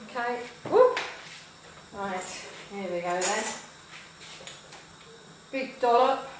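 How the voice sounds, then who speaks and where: A woman's voice: a little high, very slow. Rambling woman in an echoey kitchen. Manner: chatty, rambling, lots of fillers and asides. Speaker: cooking show host. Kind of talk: live cooking chat with storytelling. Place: home kitchen. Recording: very echoey kitchen, mic far off, cooking noise. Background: frying and sizzling, stirring.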